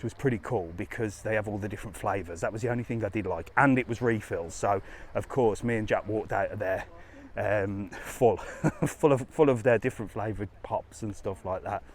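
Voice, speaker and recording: A man's voice: fairly low pitch, darkish tone, slight background noise. A man doing a live walking vlog, chatting cheekily and rambling as he strolls along a seaside resort promenade, filming on a handheld phone. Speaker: travel vlogger.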